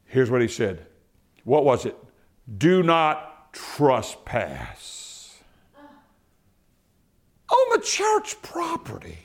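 A man preaching a sermon, swinging between loud, shouted exhortation and quiet, low asides. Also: wildly swooping pitch, drawn-out words, pauses often.

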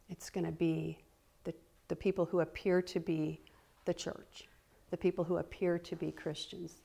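A woman teaching the Bible, reading scripture aloud slowly and deliberately, with earnest conversational asides. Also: lowish voice, creaky, darkish tone. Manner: reads slowly and deliberately, stressing key words.

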